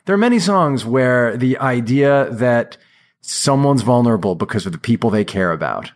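A man's voice: medium pitch, expressive, moderate pace. Hesitant male interview host. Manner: hesitant, lots of fillers, admiring and probing. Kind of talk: conversational interview.

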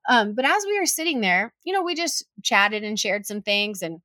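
A woman's voice: medium pitch, sing-song, moderate pace, pushed and bright, dry recording, studio quality. A young adult woman telling a personal story in casual chat, with lots of "like" fillers and acted-out quotes.

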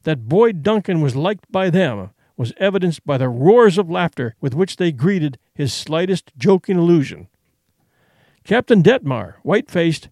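A man narrating a classic adventure story in a measured, expressive storytelling manner. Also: on the high side, soft background music. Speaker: audiobook narrator.

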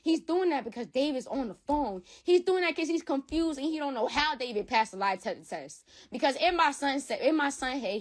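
A woman's voice: high-pitched, a bit bright. A woman giving an emotional personal account in an interview, heated and repetitive, swearing often. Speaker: interview guest.

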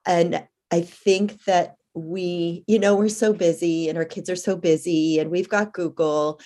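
A woman's voice: fairly low pitch, steady tone, unhurried, mellow. Thoughtful middle-aged woman co-host. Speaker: podcast co-host. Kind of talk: casual interview.

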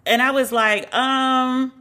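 A woman's voice: medium pitch, fairly quick, sharp tone. A woman podcast host telling a story in a chatty way, full of "like" fillers and incredulous asides. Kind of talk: casual storytelling monologue.

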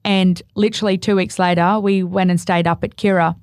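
Woman, podcast guest, lowish voice, dry close sound, candid and animated storyteller. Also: brisk, no room sound. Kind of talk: casual conversation.

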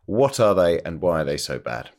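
A man's voice: low voice, big pitch swings, normal speed, darkish tone. A man hosting a podcast, chatting casually with a guest in a dry, wry way and swearing now and then. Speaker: podcast host. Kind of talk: casual interview chat.

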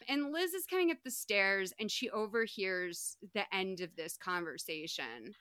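Chatty woman host, bright clear voice. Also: medium pitch, animated, normal speed, hardly any pauses, no room sound. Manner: chatty, lots of "like". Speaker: podcast host recapping a movie. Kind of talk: casual chat.

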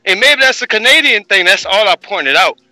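Man, caller, confrontational, very bright voice, dry close sound. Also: sits high, lively intonation, a little fast, no room sound, low-quality recording. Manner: confrontational, calling someone out. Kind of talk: casual call-in rant.

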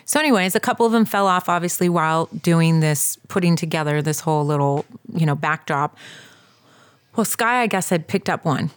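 Co-hosting a podcast, a woman in her thirties spins a story with heavy emphasis for her audience. Her low voice is clear and resonant, and she talks fairly quickly in this casual storytelling chat.

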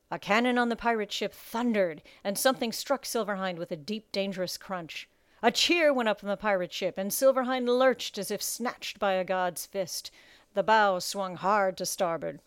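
A woman narrates a story in a measured, dramatic way. Her voice is smooth and clear, sitting at a middle pitch. The sound is dry and close, with no room around it. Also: no echo. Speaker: audiobook narrator. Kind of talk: scripted narration.

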